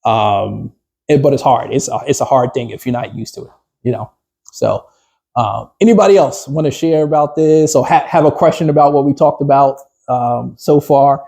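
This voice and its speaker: A business coach talking a small group through a workshop, loose and conversational with plenty of fillers and restarts. His voice is husky and dark, sitting at a middle pitch, and he keeps turning questions back to the room. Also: moderate pace.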